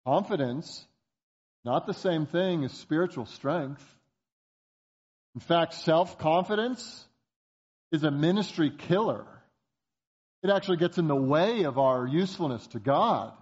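Male pastor, sermon, emphatic, rhetorical questions, slightly high pitch, muffled recording. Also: lively intonation, a little slow, pauses often, a little mellow, slightly rough.

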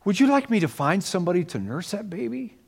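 A man playing a young girl who pretends to stumble on a baby and politely offers to find a nurse, in a light, high voice. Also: wildly swooping pitch, slow pace, warm tone, breathy edge, full character voice. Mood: feigned innocence. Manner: playacted, innocent and eager. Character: young girl feigning innocent surprise.

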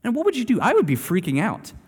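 A man preaching a sermon in a conversational, animated storytelling way, speaking to a church gathering. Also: high voice, fast, breathy edge. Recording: long hall reverb.

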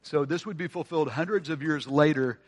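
A man's voice: on the high side, brisk. Earnest man preaching a sermon. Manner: earnest, conversational preaching with rhetorical questions and dramatic drops to a hush. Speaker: pastor.

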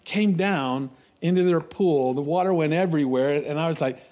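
A middle-aged man preaching a sermon, telling stories with laughs and restarts, animated. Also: a little high, normal speed. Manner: storytelling, animated, with laughs and repeated words.

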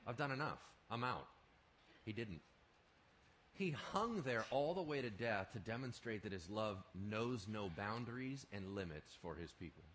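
A male pastor preaching a sermon in an animated, emphatic way, often asking his listeners questions. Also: lowish voice, a little slow, slight background noise.

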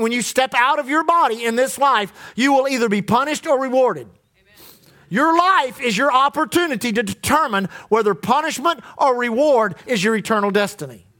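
A man's voice: very high voice, sharp tone. A male pastor preaching a sermon in church, leading the congregation in call-and-response.

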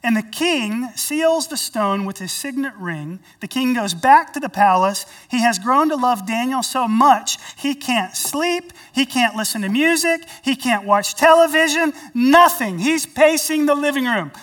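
Sex: woman. Role: pastor. Style: sermon, storytelling with swings from soft to loud. Pace: slow. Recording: distant mic in a church sanctuary. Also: sits high, animated. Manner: storytelling with dramatic swings in volume.

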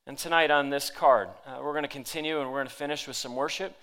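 A man preaching to a congregation, his tone bright and forceful and his pitch sitting a little high. He reads scripture aloud with dramatic emphasis. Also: steady tone, fast talker, smooth. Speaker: pastor. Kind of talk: sermon. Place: church hall with audience.

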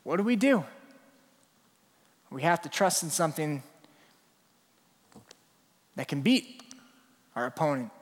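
A man's voice: fairly high pitch, takes it slowly, pauses often. A male pastor preaching a sermon in a church, telling stories and acting out scenes. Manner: animated storytelling, acts out scenes. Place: church sanctuary. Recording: long reverb in a large hall.

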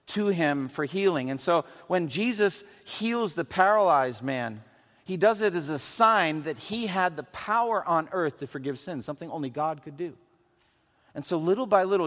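Preaching man in a reverberant hall. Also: fairly high pitch. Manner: earnest preaching, rising for emphasis, dropping to hushed tones. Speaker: pastor. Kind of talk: sermon.

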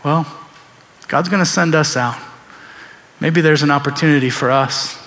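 A man's voice: on the high side, normal speed, fairly bright tone, in a large hall. A man preaching a sermon in a church, conversational and storytelling, acting out quoted voices. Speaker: pastor. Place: church sanctuary.

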